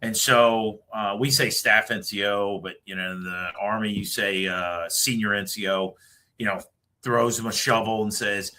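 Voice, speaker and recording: A middle-aged man speaks as a podcast guest and tells his story in an emphatic way. His voice is on the low side and sounds bright and forceful. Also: fairly even intonation, moderate pace. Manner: storytelling, emphatic closing message. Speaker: retired Marine officer guest. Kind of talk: podcast interview.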